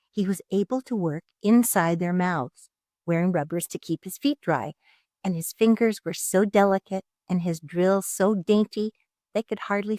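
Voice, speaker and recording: A woman reading a children's storybook aloud in an expressive, dramatic narrating style. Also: mid-range voice, no echo, studio quality.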